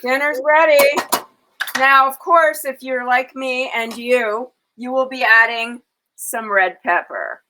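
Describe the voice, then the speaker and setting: A woman co-hosting a casual cooking show from her home kitchen over a video call, chatty and quick to giggle as she narrates each step. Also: high-pitched, noisy background. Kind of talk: casual chat while cooking.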